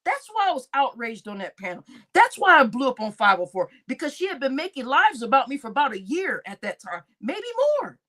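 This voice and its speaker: A woman hosting a livestream rants angrily with lots of profanity, repeating herself and hardly pausing. Her high-pitched voice is very animated, brisk and fairly bright.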